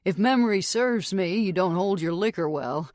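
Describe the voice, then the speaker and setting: A woman voicing a gentle, teasing male bartender who speaks softly with a Texan accent. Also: high-pitched, lively intonation, moderate pace, no room sound, clean studio sound, voice pushed up. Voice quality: soft voice.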